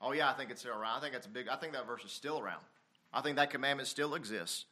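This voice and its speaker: A man preaching a sermon, swinging between loud emphatic passages and quiet, confessional ones, reading scripture aloud. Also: medium pitch, fast. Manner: reads King James scripture aloud.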